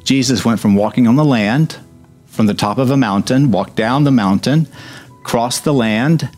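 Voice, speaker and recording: A man's voice: medium pitch, normal speed, darkish tone, faint music behind. A man preaching a sermon, reading scripture and breaking into joking asides, hammering points with repetition.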